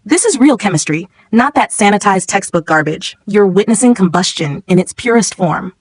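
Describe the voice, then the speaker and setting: A cruel substitute chemistry teacher speaks with calm, clipped contempt, read by a woman. The sound is dry and close, with no room around it. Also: medium pitch, moderate pace, no echo, lightly acted. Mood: cold, mocking.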